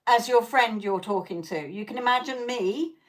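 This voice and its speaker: A woman with a voice on the high side, speaking at a moderate pace, hosts a live tarot stream. She chats with viewers in a blunt, profane, coaching way, laughs often, and keeps checking in with "okay?"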